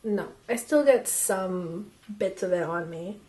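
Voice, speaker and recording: A young woman casually reviewing makeup as she swatches it, chatty and excitable and half losing her voice. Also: fairly low pitch, slow. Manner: chatty and excitable, drops to whispers. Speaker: beauty vlogger.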